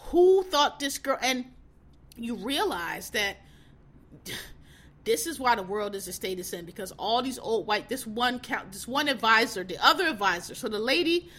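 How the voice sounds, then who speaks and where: A woman giving casual, profane commentary, retelling a story with acted-out quotes in an animated way. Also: on the high side, normal speed.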